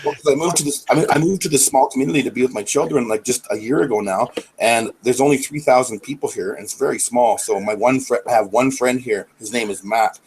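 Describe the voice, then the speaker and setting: A young man from Canada talks in a fast, tumbling stream of casual chat. His sentences ramble, trail off and restart, with plenty of swearing. A faint hiss of noise sits under the recording. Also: mid-range voice, a little mellow, poor audio. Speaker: guest.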